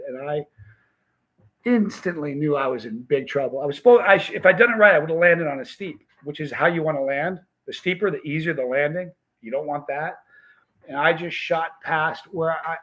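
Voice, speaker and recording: A man's voice: fairly high pitch, a bit bright, poor audio. A man hosting a casual livestream, telling a story in a rambling, emphatic way and often restarting his sentences. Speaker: vlog host.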